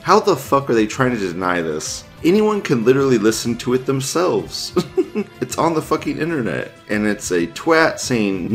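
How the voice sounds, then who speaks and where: A man's voice: mid-range voice, sing-song, moderate pace, soft background music. A man hosting casual news commentary, reading posts aloud with frequent laughter, profanity and sarcasm.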